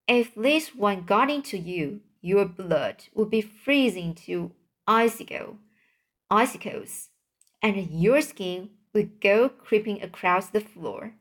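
An excitable, kindly giant who stumbles over his words in bursts of excitement, as a woman reads him aloud. His speech is exclamatory and jumpy, full of mangled grammar, a storybook figure brought to life. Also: medium pitch, takes it slowly. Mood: ominous.

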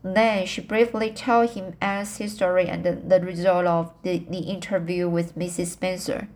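A woman narrating an amateur audiobook in a halting way, often restarting words. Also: on the low side, level tone, darkish tone.

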